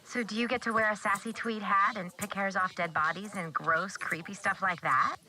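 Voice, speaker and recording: A flamboyant young artist in a mystery game, sassy, with a bright, sharp voice. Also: female voice, mid-range voice, fairly even intonation, moderate pace, rough recording. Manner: sassy, playful.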